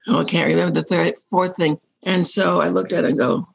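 A woman's voice: on the low side, fairly even intonation, brisk, gravelly, hardly any pauses, slightly rough. A woman in her sixties, a guest telling personal stories candidly and acting out remembered dialogue. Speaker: interview guest. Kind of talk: personal storytelling in conversation.

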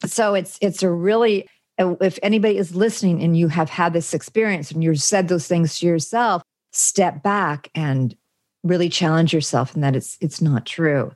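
A woman's voice: fairly low pitch, normal speed, darkish tone. A woman hosting a conversational interview, speaking reflectively and often restarting her sentences. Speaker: podcast host.

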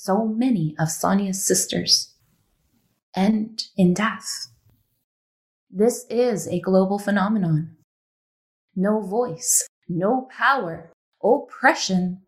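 A woman's voice: mid-range voice, low-quality recording. A woman hosting an interview, speaking in an earnest, emphatic way that repeats phrases for weight. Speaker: podcast host. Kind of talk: spiritual interview talk.

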